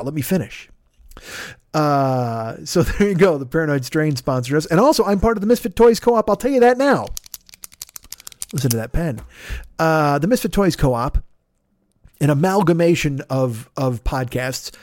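A hoarse man hosts a podcast, talking in a loose, jokey, profane way as he plugs other shows. His voice sits a bit high for a man. The sound is close and dry, with no room around it. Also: darkish tone, no room sound. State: hoarse throat. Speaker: podcast host. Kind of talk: casual podcast plugs and chat.

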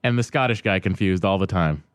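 A man co-hosting a casual chat, making gloomy deadpan jokes. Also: sits low, fairly quick, dry recording, studio quality. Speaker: podcast co-host.

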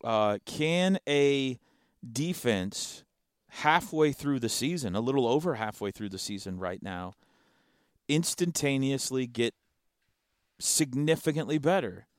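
Animated man in casual sports talk. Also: mid-range voice, measured pace, no echo, studio quality. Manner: animated, playful, mimics sounds for effect. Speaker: sports talk show co-host.

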